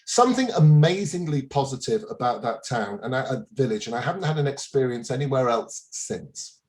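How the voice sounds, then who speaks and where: A man in his fifties, a guest on a talk show, telling a story in a relaxed, chuckling way with frequent restarts. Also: mid-range voice, fairly quick. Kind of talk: casual interview anecdote.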